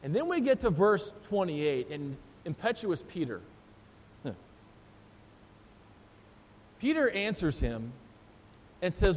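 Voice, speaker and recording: A pastor preaching a sermon, retelling the story with animated voices for the disciples. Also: male voice, takes it slowly, pauses often. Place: church sanctuary. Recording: long church reverb, faint rumble.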